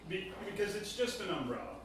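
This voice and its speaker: A man's voice: high-pitched, lively intonation, brisk. A man in an improv scene, playing a blunt reporter firing questions at a press conference. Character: pushy reporter in a press crowd. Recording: far off in an echoey room.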